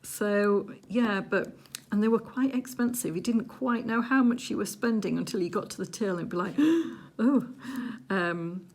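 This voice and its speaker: A woman chatting casually while she does a craft project at home, rambling along with little hushed asides. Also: medium pitch, moderate pace, hardly any pauses. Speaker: crafting vlogger. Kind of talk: casual chat while diamond painting.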